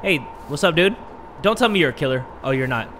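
A young man doing let's-play commentary, excitable and jokey, shouting when scared. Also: a little high, fast, slight background noise. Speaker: gaming YouTuber. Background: game music.

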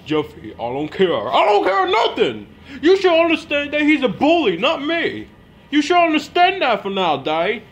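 A man voicing a bratty young boy who whines and shouts at his father in a puppet parody skit. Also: medium pitch, a little fast, few pauses, close to an everyday voice. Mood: yelling. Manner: whiny, stubborn, yells at his father.

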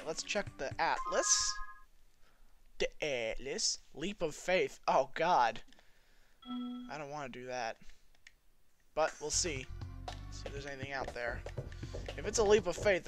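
Guy rambling through a lets play, jokey and self-mocking, kinda high voice, game music behind. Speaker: let's play host. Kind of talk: casual gameplay commentary.

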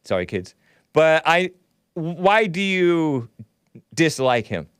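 A man's voice: on the high side, very animated, slow pace, clean tone, no echo, clean studio sound. A man hosting a casual livestream, rambling and laughing often as he reads comments and takes calls. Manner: rambling, laughs often, talks back to chat. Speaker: host.

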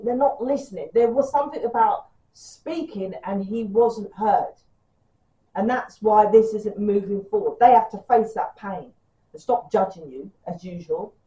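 A woman with a British accent giving a casual tarot reading, talking fast and swearing freely, her throat sore with a cough. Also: mid-range voice, dark tone, muffled recording. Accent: British English. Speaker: tarot reader. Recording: echoey room, mic at a distance.

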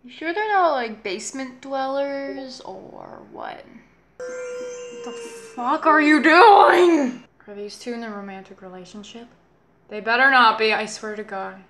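A woman's voice: on the high side, wildly swooping pitch, normal speed, bright, forceful tone, faint music behind. A young woman reacting to a children's show, swearing and exasperated, with sarcastic commentary. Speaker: reaction video host.

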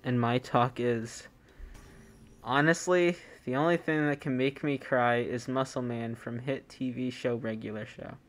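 Slow, joking game streamer. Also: mid-range voice, steady tone. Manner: joking, self-mocking, rambling. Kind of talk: casual live-stream chat.

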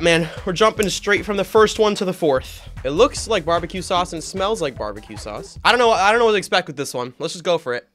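A man giving excitable, slangy commentary on a gaming challenge, often yelping and laughing. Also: high-pitched. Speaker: gaming YouTuber.

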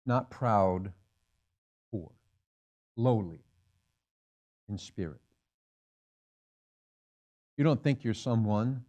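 A man's voice: lowish voice, animated, drawn-out words, long pauses, a little mellow. A man in his sixties, a pastor preaching a sermon in a church, emphatic and repeating key phrases for effect. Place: church sanctuary.

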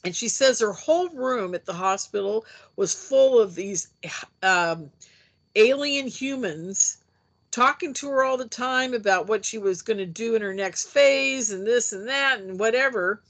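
A woman telling a personal story in a casual interview, animated and chatty, acting out the voices she quotes. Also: a little high, unhurried. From United States. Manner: chatty with frequent fillers. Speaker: interview guest, UFO experiencer.

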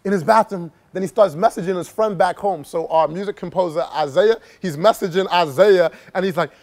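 A man's voice: sits high, a little fast, a little mellow. A man casually telling a personal story to camera as a travel vlogger, rambling and filling his talk with "like". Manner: rambling, heavy use of "like", laughs while telling.

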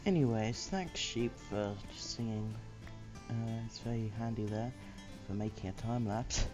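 A man's voice: lowish voice, a little slow, over loud music. A man hosting a let's play, chatting casually and muttering to himself while he builds. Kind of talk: casual gameplay commentary.

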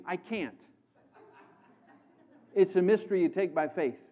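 A man from the American Midwest preaching a sermon as a guest preacher, swinging between loud proclamation and hushed emphasis. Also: on the high side, animated, normal speed, long pauses. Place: church.

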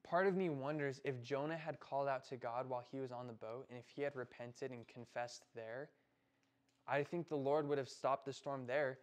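A young man with an American accent preaches to a group of middle schoolers, his pitch sitting right in the middle of the range. He keeps it loose and chatty, checking in with the kids as he goes. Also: steady tone, normal speed. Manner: casual, conversational preaching with frequent "right?" and "like". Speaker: youth pastor.

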